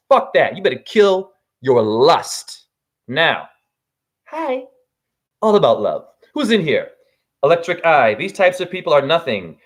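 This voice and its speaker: A man's voice: fairly high pitch, big pitch swings, unhurried, a bit bright. A man ranting on a live video, agitated, profane and preachy, and stopping to greet viewers in the chat. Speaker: spiritual vlogger.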